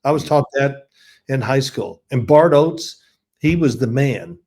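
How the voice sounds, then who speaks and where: An older man, a guest on an interview show, telling animated stories and laughing as he goes. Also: medium pitch, measured pace, breathy edge. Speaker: guest, former quarterback. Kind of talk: storytelling in an interview.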